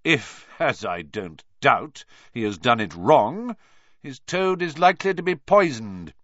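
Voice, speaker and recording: A man's voice: mid-range voice, sing-song, unhurried, a bit bright, no room sound, pitched above the performer's own voice. A man doing stern sneering schoolmaster, clipped and raised, dry muffled audio. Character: cold, stern male potions teacher.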